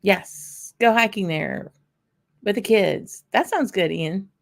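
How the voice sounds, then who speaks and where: Gravelly woman. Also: medium pitch, takes it slowly. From Louisiana. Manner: chatty, answers viewers by name while tasting. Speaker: whisky channel host. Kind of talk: casual livestream chat.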